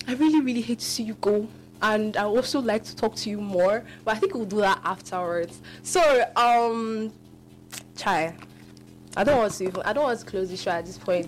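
A woman hosting a live radio call-in show, animated, often laughing and restarting her sentences. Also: medium pitch, a little hiss or hum.

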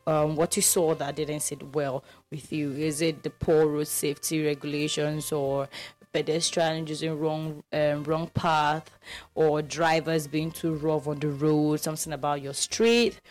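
A woman co-hosting a radio call-in show, chatting in a lively, animated way. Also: low voice, soft background music. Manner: lively, animated, quick to laugh. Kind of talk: casual radio chat.

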